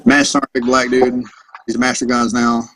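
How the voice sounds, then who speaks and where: A husky-voiced man in his thirties spins profane, meandering stories from his service days. His pitch sits in an ordinary middle range, and the delivery is loose and conversational, like a guest swapping tales with old friends. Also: fairly quick, no echo, rough recording. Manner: profane, rambling, animated anecdotes. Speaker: podcast guest, Marine veteran. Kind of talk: casual storytelling.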